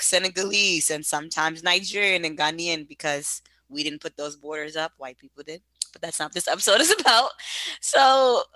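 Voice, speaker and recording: A woman chatting as a podcast guest in a bright, forward voice, caught dry and close with no room sound. She talks loosely and slangily, laughing often as she goes. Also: deep voice, no echo. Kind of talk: casual podcast chat.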